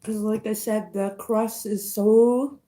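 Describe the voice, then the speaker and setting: A woman's voice: mid-range voice, flat delivery, mellow. A woman vlogger eating on a livestream and greeting her chat viewers by name between bites, murmuring over the food. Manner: slow, chewing, savoring food with murmurs. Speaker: mukbang vlogger.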